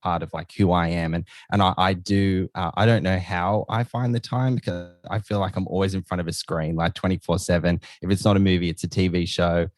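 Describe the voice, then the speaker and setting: A man's voice: low voice, steady tone, brisk, few pauses, no echo. A man with an Australian accent, a podcast guest chatting casually and with enthusiasm. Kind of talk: casual chat.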